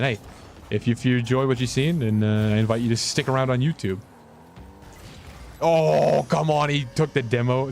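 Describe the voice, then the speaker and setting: Rambling young man streaming a game. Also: a little mellow. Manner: rambling, self-mocking, quick pitch swings. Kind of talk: casual gameplay commentary.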